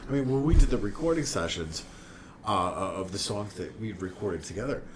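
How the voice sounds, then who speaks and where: A man's voice: lowish voice, very animated, a little fast, a little mellow. Man, earnest, reflective, mid voice, faint background noise. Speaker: musician, bandmate of the host. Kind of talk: casual chat.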